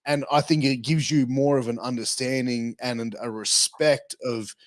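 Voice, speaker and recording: A man's voice: medium pitch, steady tone, measured pace, dry recording. An Australian man hosting a podcast interview, laid-back and jokey, with lots of fillers. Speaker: podcast host. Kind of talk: casual interview chat.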